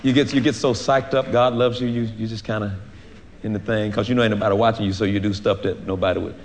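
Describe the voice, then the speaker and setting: A man pastor preaching a sermon, animated, acting out little dialogues and laughing often. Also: fairly low pitch, fast talker, slight background noise.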